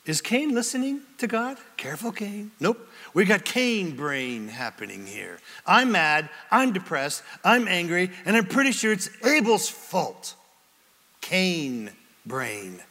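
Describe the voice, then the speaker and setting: A man preaching a sermon as pastor, with an animated, dramatic delivery and many questions put to the congregation. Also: sits high, takes it slowly, big-room sound. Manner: asks the congregation rhetorical questions.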